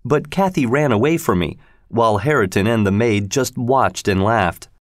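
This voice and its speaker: A man narrating a storybook in a slow, measured reading style. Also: mid-range voice, lively intonation, no room sound, studio quality.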